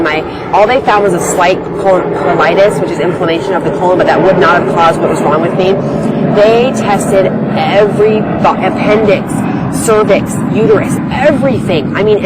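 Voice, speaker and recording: Low-voiced young woman, rambling story. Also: very noisy. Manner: rambling, filler-heavy talk. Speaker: reality show contestant. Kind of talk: casual storytelling.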